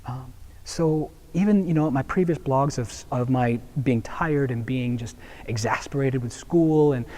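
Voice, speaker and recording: A man's voice: medium pitch, a little slow, darkish tone. A young man, a Jesuit deacon, shares earnest reflections in a video blog, telling a story with many fillers and restarts.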